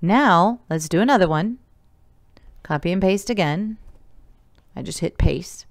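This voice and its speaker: A woman's voice: fairly low pitch, animated, measured pace, no room sound, clean studio sound. A woman teacher giving a recorded remote lesson, explaining each step patiently and counting elements aloud.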